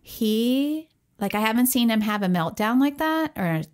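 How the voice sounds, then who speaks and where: A woman's voice: on the high side, animated, a little slow. Woman podcast co-host, chatty storyteller, laughs easily, acts out quotes. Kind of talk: casual storytelling chat.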